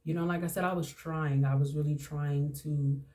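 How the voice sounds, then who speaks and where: A woman's voice: low voice, steady tone, normal speed, dark tone. A woman around forty hosting a podcast, telling a personal story in a candid, emotional way and often repeating herself. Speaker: podcast host.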